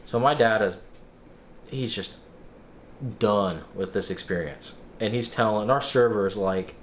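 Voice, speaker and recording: Deep-voiced exasperated man retelling a bad dinner. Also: unhurried, slight background noise. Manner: exasperated, animated storytelling with quoted dialogue. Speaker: vlogger. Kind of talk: casual vlog recap.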